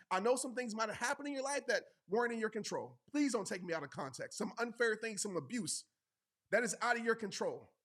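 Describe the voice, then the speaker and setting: A man's voice: high voice, a bit bright. A man giving a motivational speech, earnest and emphatic, repeating phrases for effect and urging the listener directly. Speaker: motivational speaker.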